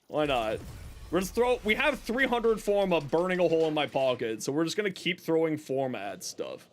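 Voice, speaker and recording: A man with a slightly high, sing-song voice talks at a moderate pace. He's a streamer casually chatting to his viewers while he plays, rambling, joking at his own expense, and addressing chat directly in typical gaming livestream fashion.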